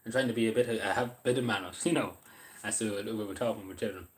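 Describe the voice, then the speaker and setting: A man's voice: lowish voice, fast talker. An Irish man chatting casually on a live stream, answering chat and eating as he talks, rambling with lots of ums and restarts. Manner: eats while talking. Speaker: livestreamer reading chat.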